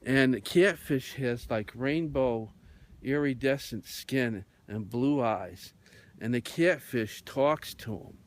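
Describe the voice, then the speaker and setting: A man's voice: mid-range voice, takes it slowly. A man hosting on radio, telling a rambling story in a meandering way with many fillers. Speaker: radio host.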